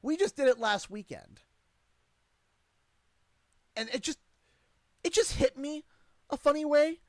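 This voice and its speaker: A man's voice: extremely high pitch, animated, takes it slowly, dry recording. A Canadian man in his thirties tells a story on a casual livestream, and his voice swings widely up and down as he goes. He rambles and restarts his sentences often, and an exasperated edge runs through the telling. The sound is dry and close, with no room around it. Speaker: streamer and father.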